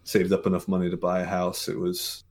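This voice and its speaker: His delivery is brisk and monotone, in a low-pitched, darkish voice. He's an American in his forties from Mississippi, guesting on a podcast and telling casual interview stories with many fillers and restarts.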